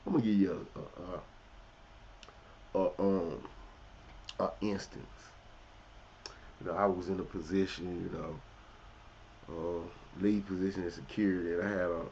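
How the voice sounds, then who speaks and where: Profane, heated man, lo-fi audio. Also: a little hiss or hum. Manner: swings between loud, heated outbursts and low, quiet asides; heavy cursing, casual street slang. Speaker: commentary vlogger. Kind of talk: blunt, profane storytelling monologue. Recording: dull, lo-fi audio.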